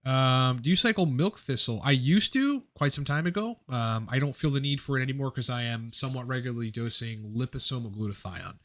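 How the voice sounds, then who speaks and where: A man from South Jersey with a South Jersey accent, speaking close to his microphone on a casual livestream. He answers viewer questions in a technical, rambling way, full of fillers and restarts. His pitch sits in the middle of the usual range for a man. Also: animated, brisk, few pauses, fairly bright tone. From South Jersey, USA. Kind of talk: casual live Q&A stream. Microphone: close desk mic on a livestream.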